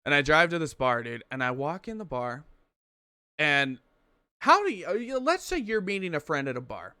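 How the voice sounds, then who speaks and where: A man's voice: a little high, very animated, normal speed, bright, forceful tone, clear, resonant tone, no echo. A man co-hosting a podcast, telling a long rambling story in casual chat, swearing and restarting as he goes. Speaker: podcast co-host.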